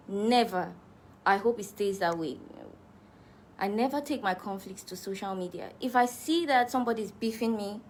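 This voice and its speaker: A woman's voice: medium pitch, slight background noise. Chatty Cameroonian woman answering fans. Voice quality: chatty, laughs easily, frequent restarts. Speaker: musician answering fan questions. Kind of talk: casual live Q&A chat.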